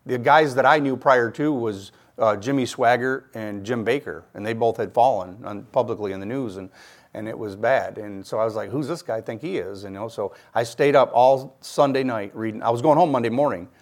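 A man's voice: mid-range voice, moderate pace. Earnest middle-aged man telling his testimony. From Michigan. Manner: earnest storytelling, acting out quoted voices. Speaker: guest giving his testimony. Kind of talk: personal faith testimony.

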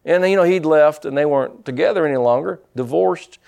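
A middle-aged man preaching a sermon as pastor, in a folksy, blunt manner, voicing people's excuses in quick asides. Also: a little high, creaky, darkish tone.

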